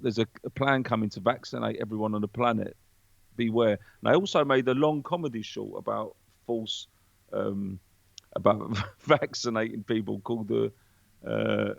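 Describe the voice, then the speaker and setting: A man, a podcast guest in casual chat, talking in an animated, preachy way with plenty of swearing. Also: medium pitch, gravelly, dry recording, highs cut off.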